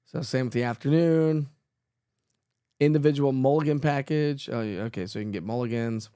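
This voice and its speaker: A middle-aged weather host chats through a live stream, reading out viewer comments and answering them, often laughing and using fillers. He has a mellow, clean mid-range voice at normal speed, recorded dry in studio quality.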